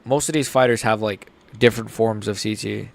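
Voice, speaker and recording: Excitable young man reacting live. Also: lowish voice, brisk, gravelly, no echo. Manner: excitable, swings between mumbled asides and loud outbursts. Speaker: host. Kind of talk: casual live reaction commentary.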